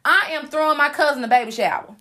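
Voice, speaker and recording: A young woman with a high voice talks straight to her listeners in a loose, sassy advice monologue. She is playful and preachy, full of slang and teasing asides. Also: fast, bright, forceful tone. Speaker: host giving life advice.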